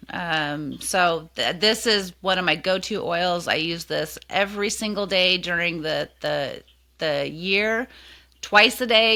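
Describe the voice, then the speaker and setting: Casting: chatty woman clinician, low-ish voice, bright and forceful tone, casual podcast chat. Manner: chatty, lots of fillers, animated retellings. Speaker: co-host and clinician.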